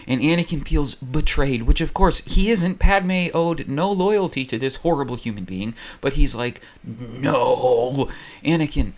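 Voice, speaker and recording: A man's voice: a little high, moderate pace, few pauses. A young man hosting, narrating a comedic what-if story with sarcasm. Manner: sarcastic, animated. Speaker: host.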